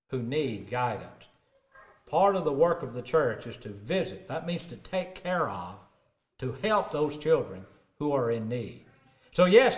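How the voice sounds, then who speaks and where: A middle-aged preacher, his voice sitting a touch higher than most men's. He swells loud and emphatic when he quotes scripture, then sinks low and quiet to tell a story. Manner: rises emphatic for scripture, drops low and soft for stories. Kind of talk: sermon.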